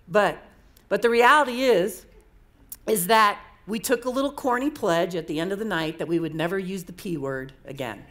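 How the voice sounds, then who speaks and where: A woman's voice: mid-range voice, normal speed, fairly bright tone. A woman speaker telling personal stories to an audience in a candid, conversational way, often repeating herself. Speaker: coaching speaker. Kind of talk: storytelling talk to an audience.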